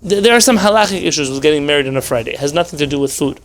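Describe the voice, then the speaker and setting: High-voiced rabbi, wry and animated. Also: male voice, racing. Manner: animated, full of rhetorical questions; wry, sarcastic humor. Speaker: rabbi teaching a class. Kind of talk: informal Torah class.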